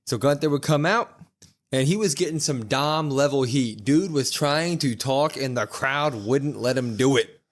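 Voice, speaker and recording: A man's voice: medium pitch, moderate pace. Man recapping wrestling in casual chat. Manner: retells events in long runs, with frequent fillers. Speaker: podcast co-host.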